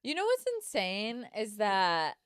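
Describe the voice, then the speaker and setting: A woman's voice: medium pitch, sing-song, slow pace, smooth, dry recording, studio quality. A young woman co-hosting a casual podcast, blunt and dramatic in her reactions, swearing often. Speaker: podcast co-host. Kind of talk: casual chat.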